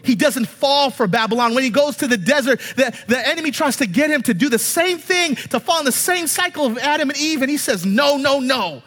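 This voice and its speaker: A man preaching a sermon, animated and emphatic, asking rhetorical questions and swinging between loud and hushed passages. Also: extremely high pitch, fairly quick, hardly any pauses, big-room sound.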